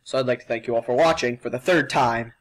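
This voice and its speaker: A man's voice: mid-range voice, fast talker. A young male vlogger doing a sugar challenge, worn out and dramatic, coughing and complaining between words. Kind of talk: casual vlog.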